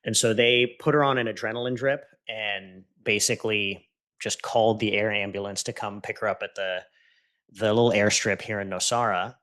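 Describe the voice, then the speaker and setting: A man, a podcast guest, recounting a painful personal story in an earnest, intense way, dropping soft and low when he quotes what was said. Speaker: podcast guest, entrepreneur and coach. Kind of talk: emotional personal storytelling in conversation.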